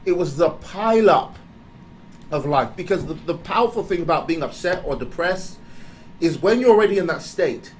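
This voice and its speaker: A man giving a candid motivational talk, animated and confessional, often breaking into laughter. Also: on the high side, normal speed, slight background noise, low-quality recording. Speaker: speaker.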